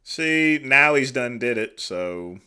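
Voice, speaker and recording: Lively, bright-voiced American livestream host. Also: male voice, mid-range voice, slow, slight background noise. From United States. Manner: amused, chatty, laughs along. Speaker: livestream host reacting to a video. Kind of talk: casual reaction commentary.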